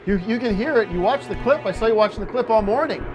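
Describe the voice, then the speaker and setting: A male host in a heated on-air argument, berating and swearing at his co-host. His voice sits high. Faint music plays underneath. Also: expressive, fast. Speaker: show host.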